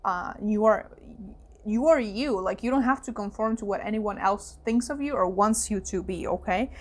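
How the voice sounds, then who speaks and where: A young adult woman giving a casual tarot reading, emotional and chatty, often dropping to hushed asides. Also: medium pitch, moderate pace. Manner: emotional, fillers and exclamations, voice softening to hushed asides. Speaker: psychic tarot reader. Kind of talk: casual spoken card reading.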